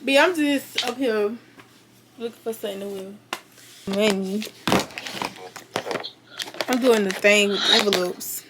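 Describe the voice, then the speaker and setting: A young woman vlogging casually to her viewers on a phone camera, excitable and chatty. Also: mid-range voice, a little slow, long pauses, background noise. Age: young adult. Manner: excitable, talks to viewers as y'all. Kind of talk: casual vlog chat.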